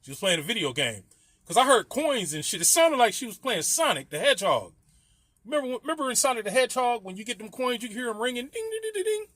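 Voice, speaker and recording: A middle-aged man rambles through a casual story, swearing freely and laughing between lines. His voice sits high for a man. The sound is dry and close. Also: expressive, quick pace, sharp tone, dry recording.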